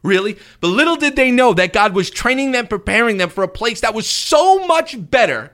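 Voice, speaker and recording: A man, a pastor hosting a radio talk show, chatting and preaching in an animated way. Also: very high-pitched, fairly quick. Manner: animated, conversational, acts out quotes.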